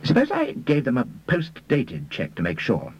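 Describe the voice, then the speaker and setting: A man's voice: wildly swooping pitch, moderate pace, breathy edge, dull audio. A man voicing a prim, suspicious wealthy young Englishman who speaks in a precise, pinched way. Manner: prim and precise, shrill when alarmed.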